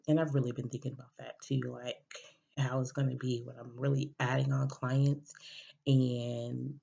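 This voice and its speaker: Her voice is extremely low and a little mellow as this woman, a podcast host, wanders through a personal anecdote in a loose, casual style full of fillers and false starts. The audio sounds dull and lo-fi.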